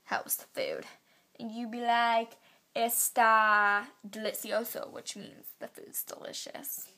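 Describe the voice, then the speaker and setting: A teenage girl vlogging at home into her camera's built-in mic, chatty and full of fillers, drawing her phrases out slowly. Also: on the high side, huge pitch swings, fairly bright tone. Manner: chatty, filler-heavy, drawn-out slow phrasing. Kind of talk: casual vlog, teaching basic Spanish phrases. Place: home, indoors.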